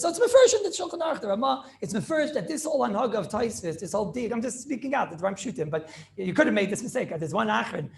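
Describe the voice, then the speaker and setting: A man teaching an informal class, talking fast and repeating himself and quizzing his students. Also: sits high, very animated, gravelly. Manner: rapid, repetitive, asks the class questions.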